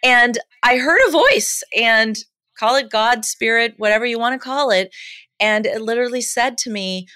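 A woman's voice: fairly high pitch, normal speed, clean tone, dry recording. A woman in her fifties, a guest on a podcast, telling her life story candidly and with animation. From United States. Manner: candid, animated, laughs easily. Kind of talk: casual storytelling interview.

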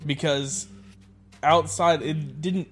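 A man co-hosting a podcast, trading dry, deadpan quips in casual banter. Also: a little high, slow pace. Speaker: podcast co-host. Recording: music playing underneath.

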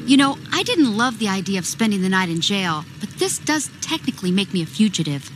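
A woman's voice: medium pitch, sing-song, a little fast, noisy background, lightly acted. A woman playing a wry young stage magician.

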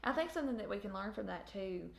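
A woman's voice: medium pitch, lively intonation, quick pace, vocal fry. A woman co-hosting a faith podcast, reflective and encouraging, asking rhetorical questions. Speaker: podcast co-host. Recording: echoey room, faint background noise.

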